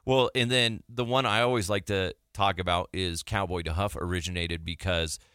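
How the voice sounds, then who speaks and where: Male host, former radio sidekick, animated storyteller, crisp dry close sound. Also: low-pitched, moderate pace, dry recording. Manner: animated storytelling, laughs often. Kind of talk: casual chat.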